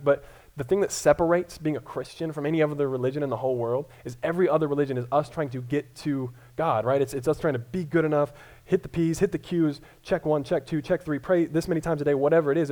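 A man's voice: a little high, a little mellow. Conversational man preaching a sermon. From Colorado. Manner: conversational, self-deprecating, frequent stammered restarts. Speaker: pastor.

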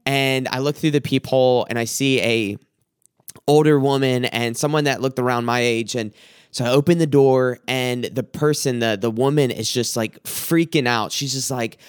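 A young man hosting a podcast, giving a reflective faith talk in an earnest, halting way, often repeating words as he tells a personal story. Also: mid-range voice, clean tone, dry recording, studio quality. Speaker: podcast host.

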